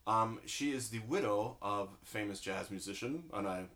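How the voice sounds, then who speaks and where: Chatty bright-voiced male podcast host. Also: fairly low pitch, moderate pace. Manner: chatty, rambling, laughs often. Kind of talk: casual chat.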